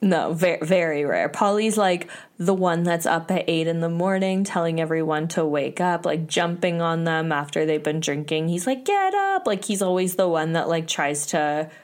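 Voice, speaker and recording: A woman's voice: moderate pace, hardly any pauses. Woman gleefully recapping reality TV. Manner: animated retelling, quotes people in jumpy high voices. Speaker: podcast host. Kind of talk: casual recap chat.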